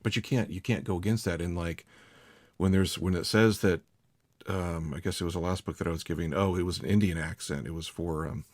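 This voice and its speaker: A man's voice: low voice, fairly even intonation, brisk, darkish tone, no room sound, clean studio sound. A man talking shop about narrating audiobooks in a casual, rambling chat, with lots of restarts and fillers. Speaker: audiobook narrator, podcast host. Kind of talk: casual conversation.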